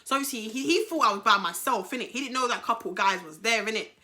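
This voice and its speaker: A young woman with a British accent tells a personal story in a casual storytime vlog, animated, slangy and full of swearing. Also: a little high, fast talker. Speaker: YouTuber telling a story.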